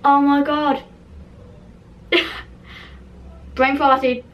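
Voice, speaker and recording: A young woman with a high voice, the host of a channel, reads aloud from an old dream book in a slow, casual way. She keeps a level tone and giggles often, mocking herself over her spelling. Sitting a little back from the mic, she sounds distant, and the highs are cut off.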